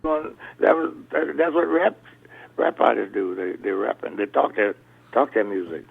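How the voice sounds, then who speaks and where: An older blues musician talking as a radio interview guest, rambling through stories with many restarts. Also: male voice, fairly low pitch, animated, moderate pace, vocal fry, husky. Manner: rambling storyteller, restarts often. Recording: tinny phone line.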